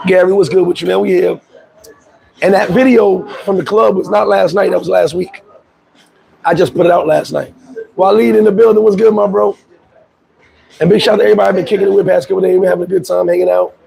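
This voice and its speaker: Hoarse high-voiced man with a gravelly rasp. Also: fairly even intonation, fast talker, long pauses, rough recording. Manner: laid-back, shouting out viewers by name. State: hoarse, voice worn out. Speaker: livestream host. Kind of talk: casual live chat.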